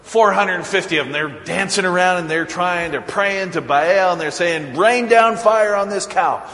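A man's voice: sits high, normal speed, fairly bright tone. A man preaching as pastor, retelling a story in a casual, joking way with asides. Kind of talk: storytelling sermon. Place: church sanctuary. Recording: echoey church with long reverb.

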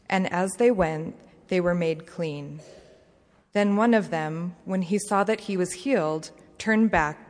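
A woman reads scripture aloud, very slowly and deliberately, her voice sitting fairly low. The long reverb of a church hall lingers after every phrase. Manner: measured, deliberate reading. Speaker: scripture reader. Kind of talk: formal scripture reading. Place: church sanctuary.

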